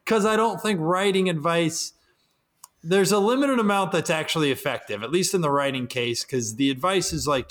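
Sarcastic man with a slightly high voice. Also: brisk, a bit bright. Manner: sarcastic, mocks advice in put-on quotes. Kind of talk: casual podcast chat.

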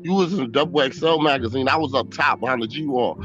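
A man in a casual podcast chat, talking bluntly and backing up the host with quick remarks. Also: medium pitch, a bit bright, muffled recording, faint music behind.

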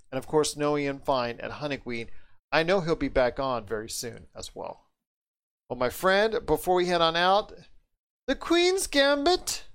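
A man from the United States hosting a podcast, talking with enthusiastic, drawn-out emphasis. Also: medium pitch, a bit bright, clean tone. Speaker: podcast host. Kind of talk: casual podcast chat.

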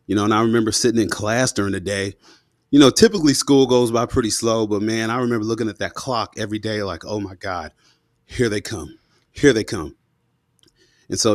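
A man in his thirties with a somewhat low voice tells a personal story, slangy and animated, full of asides. The recording is dry and close to the mic. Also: no echo. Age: 30s. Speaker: guest, former police officer. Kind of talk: casual storytelling.

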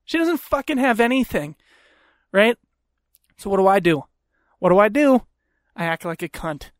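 A man hosting a podcast, telling a story in a profane, animated rant into a close mic. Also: sits high, moderate pace, dry recording. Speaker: podcast host. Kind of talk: comedic storytelling.

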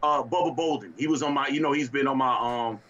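A man's voice: mid-range voice, fast, fairly bright tone, highs cut off. A man co-hosting a casual sports talk show, ranting in a fiery, exasperated way and breaking into laughter. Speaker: podcast co-host.

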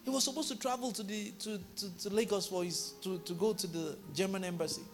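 A male pastor preaching a sermon in a church, telling a story and building to loud, emphatic declarations. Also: high-pitched, steady tone, fairly quick, soft background music.

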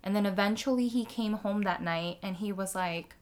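A woman's voice: mid-range voice, normal speed. A woman talking candidly in a casual conversation, swearing freely and filling her sentences with "like" as she tells a personal story. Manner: frank, swears freely, many "like" fillers.

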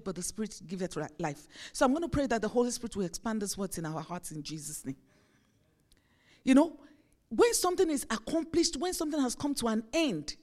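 A woman pastor with a somewhat high voice preaches in a relaxed, chatty way. She slips into short acted-out lines to show everyday examples to the congregation. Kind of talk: sermon.

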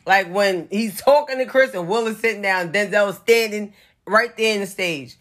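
A woman's voice: mid-range voice, moderate pace, fairly bright tone. A woman giving casual pop-culture commentary in a blunt, profane, opinionated way, with sarcastic asides.

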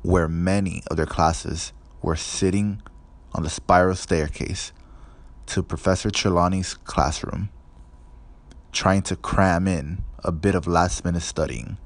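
A man reading a storybook aloud in steady, measured scripted narration. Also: low voice, dry recording. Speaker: audiobook narrator.

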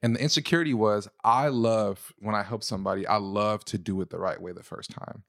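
Male co-host, low and gravelly, animated casual storyteller, dry sound. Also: brisk, dry recording. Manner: animated storyteller, jumps into a high falsetto to tease. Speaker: podcast co-host. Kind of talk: casual relationship talk.

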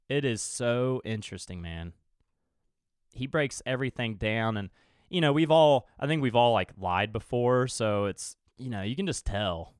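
At a normal speed and in a mid-range, clean-toned voice, a young podcast host rambles through a casual solo chat. He swears freely and chuckles now and then, recorded in a clean studio with no room sound.

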